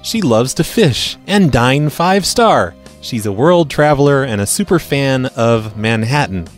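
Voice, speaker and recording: A man's voice: medium pitch, lively intonation, a little slow, soft background music. A man hosting a prank call podcast, blunt and sarcastic in casual commentary. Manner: blunt, sarcastic, reads tweets aloud. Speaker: podcast host.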